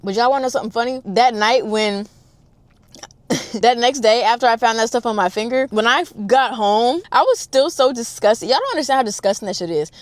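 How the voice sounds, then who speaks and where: Animated young woman telling a storytime. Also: fairly quick, no room sound. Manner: animated, swinging between loud exclamations and hushed low asides; addresses listeners directly, slangy and profane. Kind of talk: casual storytime chat.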